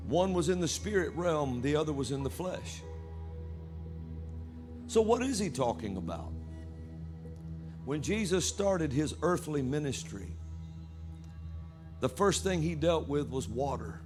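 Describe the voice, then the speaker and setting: A man preaching a sermon at a church service, reading scripture aloud with animated delivery. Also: on the high side, unhurried, long pauses, over music.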